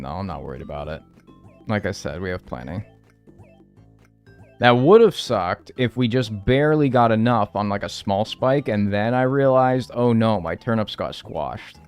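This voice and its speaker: Low-voiced man chatting on a game stream. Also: lively intonation, normal speed, smooth, faint music behind. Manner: rambling, wry, thanks viewers by name. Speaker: gaming livestreamer. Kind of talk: casual live-stream chat while playing.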